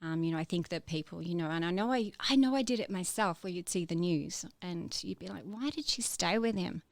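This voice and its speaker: A woman telling her own story in a podcast interview, halting, with many fillers and restarts. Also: fairly low pitch, creaky, dry recording. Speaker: interview guest.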